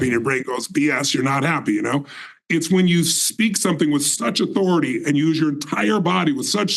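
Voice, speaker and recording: A man's voice: on the high side, gravelly, rough recording. A man in his sixties telling his life story in an emphatic, intense way as a guest in a conversation. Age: 60s.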